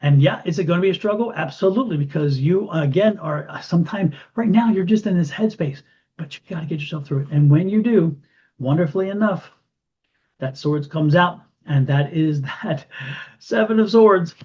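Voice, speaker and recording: A man giving an intuitive tarot reading to camera, animated and repeating phrases for emphasis. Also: fairly high pitch, moderate pace, husky. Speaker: tarot reader. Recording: dull lo-fi sound.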